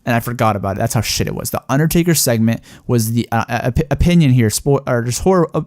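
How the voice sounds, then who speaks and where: A man's voice: medium pitch, expressive, fast, darkish tone, dry recording, studio quality. A young man giving a casual, heated review of a wrestling show, rambling and swearing with lots of fillers.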